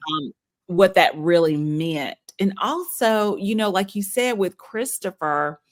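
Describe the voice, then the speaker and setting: A woman's voice: lowish voice, takes it slowly. A woman hosting a casual conversation, a former middle school teacher speaking in an earnest, reflective way.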